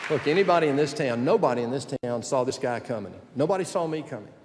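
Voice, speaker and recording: A man's voice: medium pitch, expressive, fast, crowd noise, noisy background. A man in his sixties giving a political speech as a senator at a youth conference, telling folksy stories with jokes. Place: large conference hall. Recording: long hall reverb.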